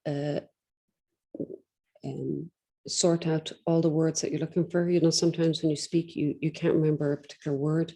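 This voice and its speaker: A woman teaching an exam-prep lesson in a relaxed, darker-toned voice. She is instructive, fills gaps with ums, and stretches out pauses to show how to pace speech. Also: low-pitched. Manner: instructive, deliberately slows and pauses to demonstrate, frequent ums. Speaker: English exam tutor.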